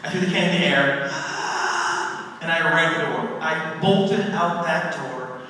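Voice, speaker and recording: A man's voice: fairly high pitch, normal speed. A man telling a dramatic first-person ghost story to a live audience, acting out his own exclamations. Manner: dramatic, animated retelling with acted-out exclamations. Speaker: paranormal speaker. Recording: echoey hall, mic far off, faint noise.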